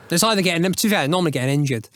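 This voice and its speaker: A man hosting a podcast in a studio, telling football stories in an animated, swearing manner with laughs. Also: on the high side, rapid-fire, dry recording. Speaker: podcast host. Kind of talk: casual storytelling chat.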